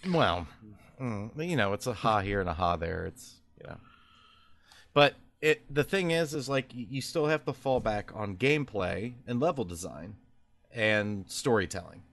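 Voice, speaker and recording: A man's voice: on the low side, animated, moderate pace, fairly bright tone. A man co-hosting a casual gaming podcast, talking with strong opinions and lots of fillers. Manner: opinionated, rambling with many fillers. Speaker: podcast co-host. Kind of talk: casual chat.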